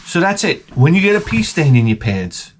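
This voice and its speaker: A man's voice: a little high, very animated, normal speed, slight background noise. A man hosting his own vlog, telling crude, profane stories in a rambling comic monologue. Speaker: vlog host.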